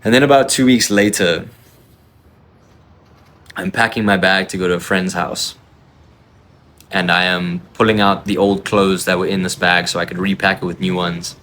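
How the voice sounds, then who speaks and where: A man telling a personal confessional story in an emotional, intense way, often halting and restarting his sentences. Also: deep voice, steady tone, a bit bright, slight background noise.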